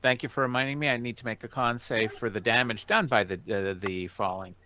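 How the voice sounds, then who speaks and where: A man playing a tabletop game, chatting casually with quick, joking reactions. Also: mid-range voice, bright, forceful tone.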